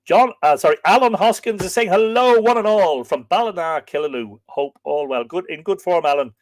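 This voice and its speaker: A man's voice: high voice, a little fast, no room sound. A man with an Irish accent hosting a casual live stream, playfully reading out and answering viewer comments. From Ireland.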